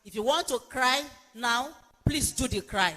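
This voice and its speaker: A woman's voice: fairly high pitch, animated, measured pace, pushed and bright. Emphatic woman preaching, reverberant hall. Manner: emphatic, repeats exhortations. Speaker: pastor and speaker. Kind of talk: sermon-like counselling talk.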